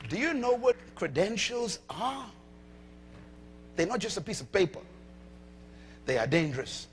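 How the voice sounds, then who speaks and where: High-pitched emphatic male preacher. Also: sing-song, measured pace, some chatter behind, slight background noise. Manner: emphatic, calls to audience; shouts at peaks. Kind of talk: sermon.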